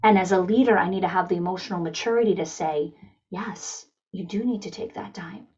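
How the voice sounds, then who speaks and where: A woman leading an online town hall for school leaders, talking in an energetic coaching manner and acting out the voices of people she quotes. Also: on the low side, fairly quick, slightly rough, muffled recording.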